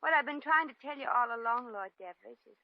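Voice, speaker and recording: A woman's voice: a little high, lively intonation, fast talker, no room sound. An actress playing a young, streetwise American shop girl with slangy, wisecracking speech in a 1940s radio drama. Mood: wistful. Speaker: lead actress. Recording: lo-fi vintage radio recording.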